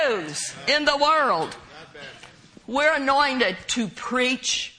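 Woman preacher, high and bright, unhurried and emphatic. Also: expressive, poor audio. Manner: emphatic, drawn-out preaching cadence. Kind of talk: sermon.

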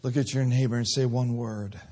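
A man preaching a sermon, swinging between loud drawn-out peaks and quiet low lines. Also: fairly even intonation.

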